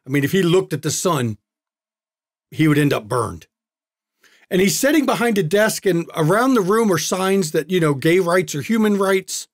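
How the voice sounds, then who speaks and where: A man's voice: high-pitched, animated, normal speed, dry recording. Dry-voiced male game master. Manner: casual, descriptive, with restarts. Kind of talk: narrating a tabletop game.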